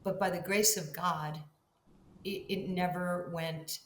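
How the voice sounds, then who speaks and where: A woman's voice: on the low side, steady tone, takes it slowly, fairly bright tone, reverberant, a little hiss or hum. A middle-aged woman telling a story as a podcast guest, animatedly acting out both sides of each conversation. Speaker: guest, Hall of Fame basketball player.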